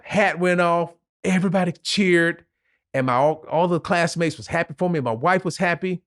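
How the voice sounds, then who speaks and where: This retired Navy officer from Louisiana speaks in a voice on the high side as a podcast guest, earnestly and emotionally recounting a personal story with vivid pauses. The audio is studio quality, free of room sound.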